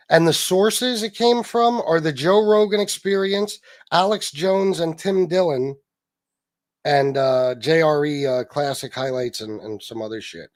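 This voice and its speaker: A man's voice: a little high, a little mellow. A man hosting a political livestream, chatting casually and bluntly with plenty of swearing as he reads posts aloud and answers his chat. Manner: blunt and profane, quick retorts to chat.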